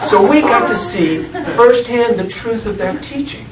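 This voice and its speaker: A middle-aged man, a reverend, telling a personal story within a sermon and laughing often as he goes. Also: very high-pitched. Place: church sanctuary. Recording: echoey church from far off, noisy.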